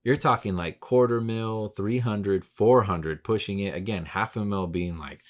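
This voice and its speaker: A man in his thirties hosting a solo podcast, talking casually with lots of swearing and slang, rambling and getting loud and animated when he rants. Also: fairly low pitch, unhurried, few pauses. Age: 30s. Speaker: podcast host.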